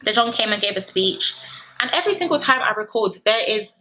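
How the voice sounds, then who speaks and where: A woman's voice: mid-range voice, animated, brisk, bright, forceful tone. A young woman reviewing a reality show in a chatty, sassy commentary vlog full of rhetorical questions.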